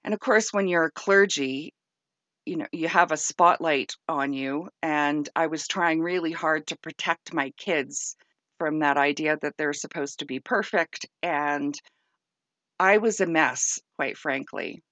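A woman's voice: deep voice, unhurried, a bit bright, no room sound, lo-fi sound. A middle-aged woman, a former clergy member, hosting her podcast and telling candid, self-deprecating stories with frequent laughter. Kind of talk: casual storytelling monologue.

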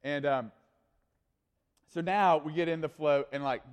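A youth pastor preaching to a crowd, a man with a slightly higher voice who tells his stories in a loose, animated way full of fillers. His voice rings out with the long reverb of a big hall. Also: a little slow, clean tone. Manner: animated, casual storytelling with frequent fillers. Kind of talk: storytelling sermon.

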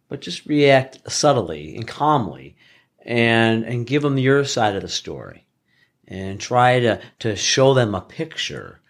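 Plainspoken middle-aged tradesman, earnest, casual storytelling. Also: fairly low pitch. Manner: earnest, plainspoken, often restarts phrases. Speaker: flooring contractor guest.

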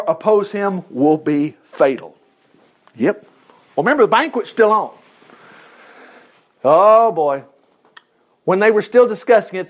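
A man teaching a Bible lesson in an animated way, chuckling and making chatty asides. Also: high voice.

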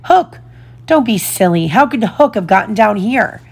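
A woman reading a storybook aloud, voicing a tiny, fierce female fairy with shrill, sharp cries. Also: lively intonation, moderate pace, gravelly, breathy edge. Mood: urgent.

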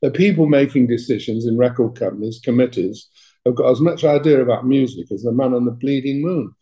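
An older Englishman speaks with a soft, mellow tone and an English accent. He tells blunt, colourful stories about his years in music management. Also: mid-range voice, a little fast, rough recording. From England. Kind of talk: interview anecdotes.

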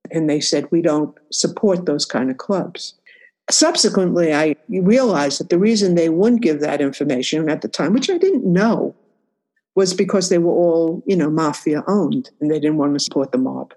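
A woman's voice: sits low, animated, normal speed, dark tone. Older lady from new york telling her story, reflective, lots of "you know". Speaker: interviewee. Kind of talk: personal storytelling.

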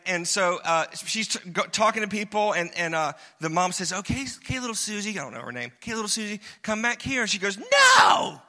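High, bright preacher in a reverberant hall. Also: male voice. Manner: storytelling, mimics voices, chuckles often. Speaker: pastor. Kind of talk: humorous sermon. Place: church sanctuary.

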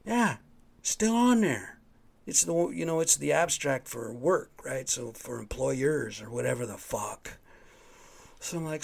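A man's voice: medium pitch, expressive, a little slow, vocal fry, husky. A man hosting his own podcast, telling a rambling, profane story in a casual, worked-up way. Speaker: podcast host. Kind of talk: casual solo monologue.

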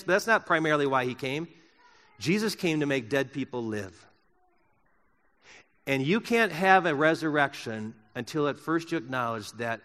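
A man preaching a sermon in a church, swinging from loud emphasis to soft, slow words. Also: mid-range voice, big-room sound. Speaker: pastor. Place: church sanctuary.

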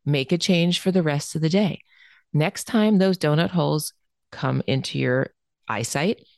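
A woman's voice: low-pitched, no echo, studio quality. A woman hosting a self-help podcast, talking listeners through changing their habits in an earnest, encouraging way. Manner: emphatic repetition for stress. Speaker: podcast host.

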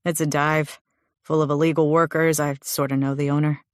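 A woman voicing a tense, protective young man who talks low, steady and urgent in an audiobook. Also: moderate pace, dry recording, studio quality, close to an everyday voice.

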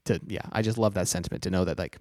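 A man's voice: low voice, fairly even intonation, racing, darkish tone, no room sound. A man co-hosting a podcast in casual chat, joking and swearing freely. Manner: joking, swears often, crude banter. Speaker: podcast co-host. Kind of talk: casual chat, reading lyrics aloud.

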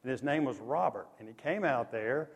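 A man preaching a sermon, telling stories in a lively, conversational way. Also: mid-range voice, normal speed, slightly rough. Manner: animated, conversational storytelling with lively swings in loudness. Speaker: pastor. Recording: long echo of a large hall.

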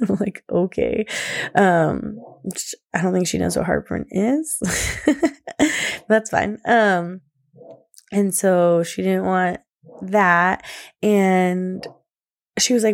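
A young woman hosting a podcast, chatting casually about her days as a mother, rambling with many fillers and soft laughs. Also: fairly low pitch, fairly even intonation, takes it slowly, long pauses. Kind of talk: casual personal talk.

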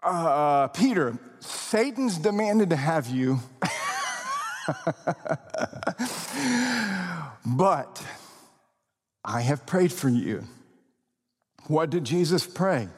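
A man preaching a sermon as pastor, with expressive, deliberate emphasis and occasional laughs. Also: sits high, husky, long reverb tail.

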